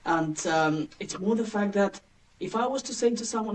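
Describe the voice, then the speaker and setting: A woman in her late thirties from Bulgaria, speaking English with a Bulgarian accent as an interview guest, chatty and quick to laugh. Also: medium pitch, far from the mic, rough recording. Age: late 30s. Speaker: guest, agency founder. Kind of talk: casual interview chat.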